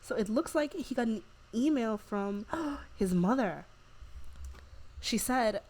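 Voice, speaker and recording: Brief: woman, gaming host, casual let's play commentary, chatty and giggly, mid-pitched voice. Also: a little slow, darkish tone. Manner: chatty, narrates the game with fillers and giggles.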